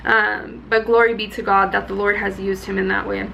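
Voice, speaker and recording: Bright, gravelly-voiced excitable young woman. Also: moderate pace, muffled recording, a little hiss or hum. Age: young adult. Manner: chatty and excitable, high energy. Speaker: vlogger. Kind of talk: casual chat.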